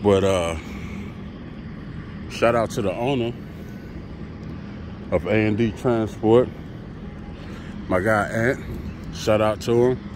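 A truck driver vlogs casually outdoors beside a truck at a loading site, talking straight to his viewers in a laid-back, chatty way. His voice is on the low side, slow and full of pauses, with background noise around him.

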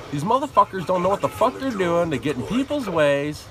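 A man's voice: high-pitched, a little fast, a crowd in the background. A man streaming a shooter game, talking casually and cursing at other players as he plays. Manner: profane, animated trash talk. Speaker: live streamer. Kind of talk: casual gameplay commentary.

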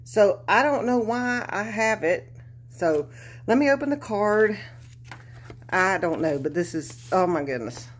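A woman's voice: mid-range voice, expressive, a little slow, breathy edge. A woman, chatting in a craft vlog, gushing and emotional, close to tears. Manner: gushing, emotional, Southern "y'all". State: near tears. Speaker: craft vlogger. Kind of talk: casual video chat.

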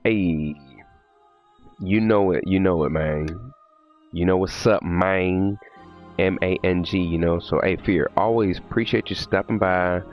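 A man streams a horror game live, rambling to his chat in a loose, profane and jittery way. His voice is very low. Faint game music plays in the background. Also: measured pace, muffled recording. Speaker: livestreamer. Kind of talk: casual live gameplay chat.

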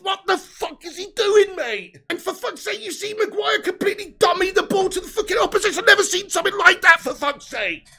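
A man rants through a live football watchalong, swearing and exasperated. His voice sits very high and bright, with a gravelly edge. He shouts a lot. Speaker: fan reacting to a match.

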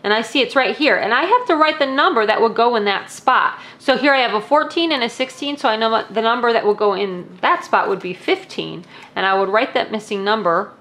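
A woman's voice: a little high, animated, brisk, fairly bright tone. A young woman casually demonstrating classroom activities, explaining each step with friendly "um"s.

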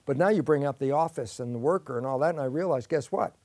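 A man's voice: mid-range voice, fast, a little mellow, dry recording. An older man explaining science in an interview, telling it as a story where he asks and answers his own questions. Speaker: guest expert.

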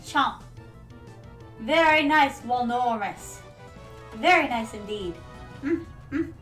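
A woman with a high, bright-sounding voice talks through a video game stream in a playful, theatrical way. She fondly calls her audience "my darlings." Soft game music plays faintly behind her. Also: lively intonation, slow, low-quality recording. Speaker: VTuber streamer. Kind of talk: casual gameplay commentary.

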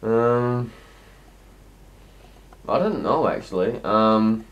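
A man's voice: on the low side, lively intonation, very slow, dull audio. A sixteen-year-old boy, sick and coughing, answering viewer questions in a rambling, hesitant casual vlog. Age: teens. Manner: rambling, hesitant, heavy with ums and restarts.

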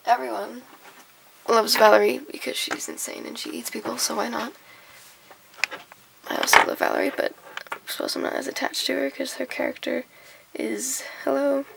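A young woman vlogger, sick and hoarse, chatting in a rambling, scattered way and giggling as she loses her train of thought. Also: fairly high pitch, steady tone, moderate pace, pauses often, background noise. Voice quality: gravelly. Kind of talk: casual chat.

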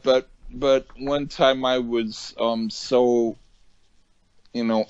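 A man's voice: mid-range voice, no echo. A middle-aged man co-hosting a podcast in casual chat, restarting sentences often and laughing easily. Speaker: podcast co-host. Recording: dull lo-fi podcast audio.

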